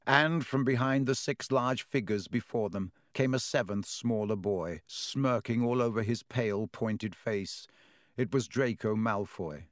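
A man narrating an audiobook in a steady, even storytelling manner. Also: mid-range voice, unhurried, no echo, studio quality.

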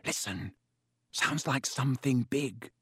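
A man voicing a scared teenage boy wizard in an audiobook, speaking in quiet, tense near-whispers. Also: medium pitch, slow, husky, no room sound, clean studio sound, full character voice. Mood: hushed, tense.

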